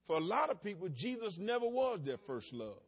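A man's voice: high voice, big pitch swings, normal speed, husky, muffled recording. A male pastor preaching a sermon in a folksy, emphatic way, mixing plain storytelling with bursts of insistence.

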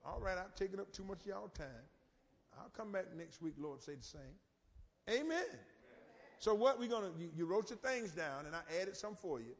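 A man's voice: high-pitched, animated, fairly quick. A middle-aged male pastor giving a folksy, informal sermon with dialect and call-and-response. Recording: echoey church hall reverb.

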